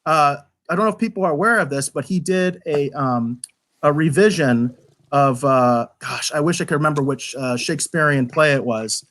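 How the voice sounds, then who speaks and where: A man talking casually as co-host of a live review show, animated and rambling, often restarting his sentences. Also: on the high side, moderate pace. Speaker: podcast co-host.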